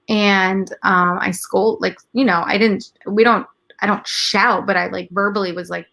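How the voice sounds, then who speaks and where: Candid woman with a gravelly voice. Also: medium pitch, moderate pace. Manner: candid, animated storyteller, swears casually. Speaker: guest, mother and entrepreneur. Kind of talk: casual couch conversation.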